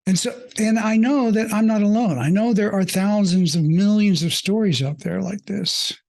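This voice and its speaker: A mindfulness coach speaks in a high-sitting voice with vocal fry and a slightly mellow quality, telling his own story. It comes out reflective and stop-start, laden with fillers, earnest and emotionally bare.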